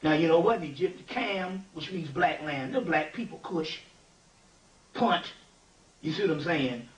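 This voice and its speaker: A man giving an informal spiritual lecture, animated and digressive, often checking that listeners follow. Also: on the high side, measured pace. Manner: animated, digressive, keeps asking "you see what I'm saying". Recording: echoey room, distant mic, faint ambient noise.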